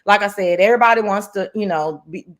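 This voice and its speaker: A woman's voice: mid-range voice, fast. A woman guest recounting online drama in casual chat, blunt and profane, openly irritated. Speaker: guest and live-chat moderator.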